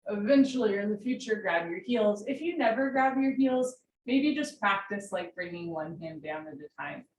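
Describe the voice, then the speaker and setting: A woman guides a home yoga class, calling out postures in a calm, encouraging way and drifting into friendly chat between sets. Her voice sits at an ordinary middle pitch. The room around her sounds roomy, with a faint hum of ambience. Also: moderate pace. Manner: calm, encouraging cues with chatty asides. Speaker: yoga instructor. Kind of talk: live-streamed yoga class instruction.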